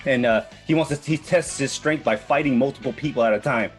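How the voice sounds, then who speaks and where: A man's voice: medium pitch, fairly quick, faint music behind. A man in his thirties hosting a podcast, recapping a manga in a rambling, profane way. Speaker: podcast host presenting a manga. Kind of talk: casual chat.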